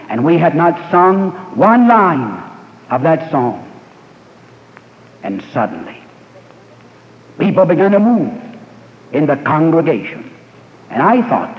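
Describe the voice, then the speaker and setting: A middle-aged man, an evangelist, telling his testimony as a fervent sermon, swelling and dropping his voice with dramatic pauses. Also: on the high side, sing-song, a little hiss or hum. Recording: dull archival hall recording.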